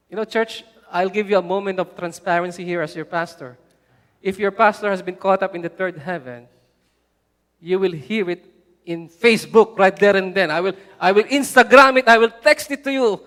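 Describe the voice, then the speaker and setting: Man, pastor, high voice, lively sermon, long reverb of a church hall. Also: moderate pace. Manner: animated preaching, rising loud for emphasis; conversational, frequent "right?" asides.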